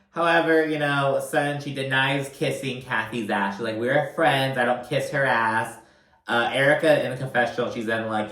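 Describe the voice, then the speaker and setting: A man's voice: medium pitch, a bit bright, echoey room. A young man hosting a casual reality TV recap, rambling with lots of fillers and frequent swearing. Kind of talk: casual profane commentary.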